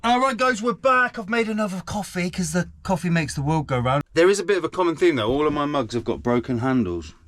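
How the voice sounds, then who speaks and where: A man's voice: on the high side, animated, fast, hardly any pauses, a bit bright, a little hiss or hum. A man talking casually and earnestly to camera as a vlogger, often repeating himself for emphasis. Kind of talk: casual vlog chat.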